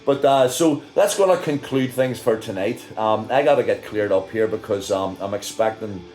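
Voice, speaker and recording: A middle-aged man with an Irish accent talks straight to his viewers, telling a story in a loose, rambling way and breaking into laughs as he goes. His voice sits on the low side. A soft guitar plays quietly behind him. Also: moderate pace, poor audio. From Ireland. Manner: chatty and rambling, laughing often. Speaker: singer and vlogger. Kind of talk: casual storytelling monologue.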